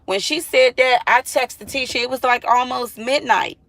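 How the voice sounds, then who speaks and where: A woman's voice: high-pitched, moderate pace, a bit bright, no echo, poor audio. A mother talking to viewers in a casual vlog monologue, earnest and emphatic, repeating herself and pleading with listeners.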